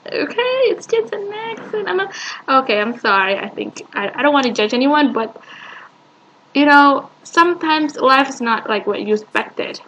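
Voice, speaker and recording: A woman's voice: sits high, expressive, moderate pace, a bit bright, a little hiss or hum, rough recording. A woman giving casual reaction commentary, hesitant and dismissive, full of fillers. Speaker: reaction video host.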